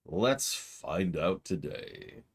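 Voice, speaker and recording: Sarcastic low-voiced game streamer man. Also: extremely slow, breathy edge. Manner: sarcastic, excitable, swears. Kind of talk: casual game stream commentary.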